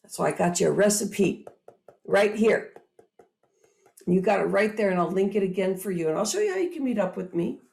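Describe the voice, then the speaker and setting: A woman hosting a motivational talk, speaking straight to her audience in an animated, upbeat way. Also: mid-range voice, normal speed, creaky. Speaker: host.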